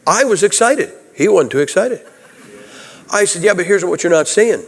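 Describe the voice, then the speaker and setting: A Baptist preacher man delivers a homespun sermon, peppering it with questions to the congregation. His voice sits a little high for a man. The sound rings with the long reverb of a church sanctuary. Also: animated, normal speed. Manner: folksy, conversational, asks the audience questions.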